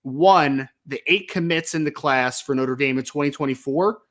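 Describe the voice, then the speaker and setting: A man co-hosts a sports podcast in a relaxed, explanatory way, fielding listener questions. His voice sits a bit higher than most men's. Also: normal speed. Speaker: podcast co-host. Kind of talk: casual sports podcast chat.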